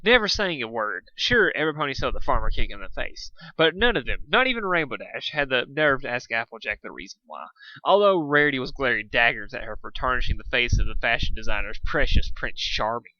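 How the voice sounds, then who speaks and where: A man reading fan fiction aloud in a lively, dramatic storytelling way. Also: medium pitch, fairly quick, no room sound, muffled recording. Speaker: fanfic reader.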